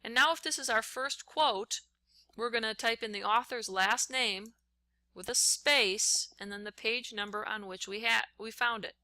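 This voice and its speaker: A woman's voice: a little high, a little slow, sharp tone, no echo. A woman teacher talking step by step through a writing lesson while she types on screen. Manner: step-by-step, talks while typing.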